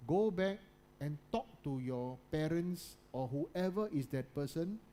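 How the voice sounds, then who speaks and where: A man giving a motivational talk to students. He repeats his points and keeps checking in with the audience, often dropping to a soft, low voice. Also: expressive, a little slow. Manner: repetitive, keeps checking in with listeners. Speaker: guest speaker.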